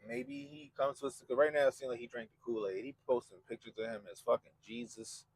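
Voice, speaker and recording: Gravelly man, mocking casual commentary. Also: mid-range voice, huge pitch swings, brisk, low-quality recording. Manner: profane, mocking, quotes people in put-on voices. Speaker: podcast host.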